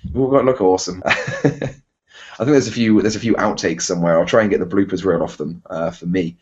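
A very low-voiced man with a husky edge and a Bristol accent chats on a podcast. He rambles, restarts and pokes fun at himself. The sound is dull and lo-fi. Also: moderate pace, a little mellow. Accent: Bristol English. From England. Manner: rambling, self-deprecating, many fillers and restarts. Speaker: podcast host. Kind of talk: casual chat.

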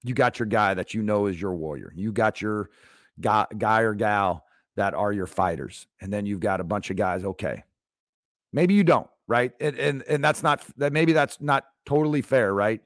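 A man's voice: lowish voice, normal speed, no room sound, studio quality. A man in his fifties hosting a leadership podcast, talking in an emphatic motivational monologue that repeats key phrases for effect. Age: 50s. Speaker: leadership coach, podcast host.

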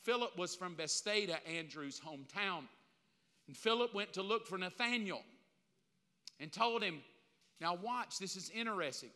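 A man's voice: sits high, animated, normal speed, pushed and bright. A man preaching a sermon, emphatic and repetitive, with casual slang mixed in. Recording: long reverb of a large hall.

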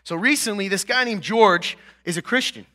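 Preaching as a pastor, this man talks in a high voice at a normal pace. He keeps things conversational with repeated "right?" and "okay?" check-ins, then builds toward emphatic, louder moments.

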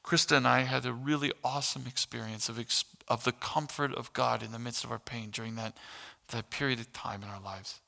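A man's voice: mid-range voice, fairly even intonation, fairly quick, creaky, bright, forceful tone. A middle-aged man preaching a sermon as pastor, earnest and building to impassioned emphasis. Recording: long hall reverb.

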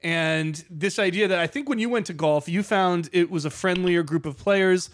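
A man's voice: sits high, normal speed. A man hosting a podcast, asking his guest eager, chatty questions full of hedges. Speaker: podcast host. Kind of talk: interviewing a guest.

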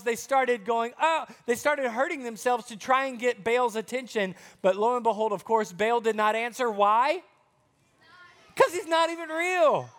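Male Bible teacher for kids, strikingly high voice, playful retellings and questions to the children. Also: fairly bright tone. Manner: asks the children questions and retells verses in playful everyday words. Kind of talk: children's Bible lesson, reading scripture aloud.

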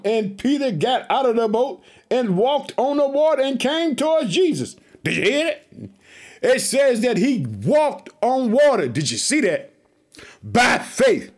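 Man, fired-up preacher, high voice, swooping lively delivery, repeats hallelujah. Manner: fervent, repeats catchphrases, exclaims hallelujah. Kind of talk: energetic Bible teaching.

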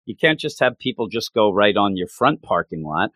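A man's voice: fairly low pitch, moderate pace, no echo. Casual guy chatting away, laughs a lot, voice bounces up and down. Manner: animated, laughs often, trails off and restarts. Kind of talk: casual chat.

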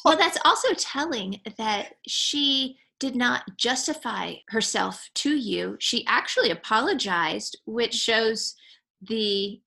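A woman's voice: fairly high pitch, expressive, creaky, bright, forceful tone. A woman host in an interview who affirms her guest and reflects back what she heard in a thoughtful way. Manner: affirming, reflective, slow and deliberate. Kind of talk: interview conversation.

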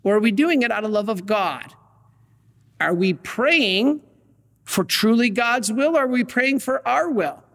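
A Catholic priest giving a conversational sermon, telling stories with folksy asides and light humor. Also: male voice, very high-pitched, moderate pace, creaky, few pauses, fairly bright tone, in a large hall.

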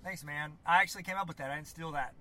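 A man co-hosting a casual sports podcast, joking and animated, laughing at his own jokes. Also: fairly high pitch, rapid-fire. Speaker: podcast co-host. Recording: lo-fi office recording with faint background noise.

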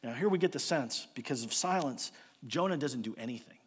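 A man preaching a sermon as a storyteller, posing rhetorical questions and moving between loud emphasis and quiet asides. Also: medium pitch, expressive, brisk, breathy edge. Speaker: pastor. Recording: long hall reverb.

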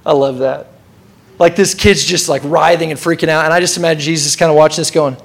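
A man preaching a casual, energetic sermon, repeating key lines and calling on the congregation to answer. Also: on the high side, quick pace, creaky. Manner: casual, energetic preaching with repetition and audience call-outs. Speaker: pastor.

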